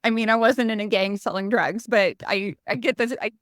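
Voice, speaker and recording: A woman's voice: mid-range voice, brisk, fairly bright tone, no echo, studio quality. A woman guest on a podcast interview, speaking earnestly and thoughtfully in a casual way. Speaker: guest, hairstylist and trading student. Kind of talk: conversational interview.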